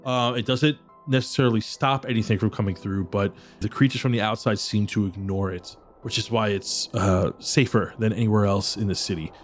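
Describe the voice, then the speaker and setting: A man's voice: fairly low pitch, steady tone, brisk, few pauses, soft background music. A man narrating a tabletop game as dungeon master, describing scenes at length.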